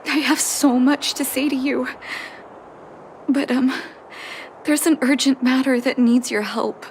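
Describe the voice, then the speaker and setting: An actress voicing a calm, caring young woman doctor in a game cutscene, speaking in a measured way. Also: high-pitched, a little hiss or hum. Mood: earnest, warm. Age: young adult.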